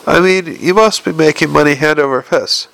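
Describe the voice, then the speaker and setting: A man voicing a quick-witted young man who asks brisk, pointed questions, as in an audiobook. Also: fairly high pitch, vocal fry, a bit bright. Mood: incredulous. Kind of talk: audiobook character voice.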